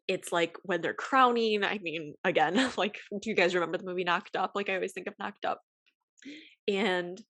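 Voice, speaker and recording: A woman's voice: lowish voice, a bit bright, dry recording. A young woman hosting a podcast, telling a personal story in a casual, emotional way, with many sighs and fillers, at times close to tears. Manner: emotional, sighing, filler-heavy. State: tearful. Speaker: podcast host.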